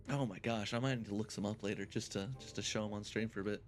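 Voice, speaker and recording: A man's voice: fairly low pitch, fairly even intonation, fast talker, few pauses, faint music behind. A man giving casual, chatty commentary while playing a video game, thinking aloud and laughing often. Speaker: game streamer. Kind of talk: casual let's-play commentary.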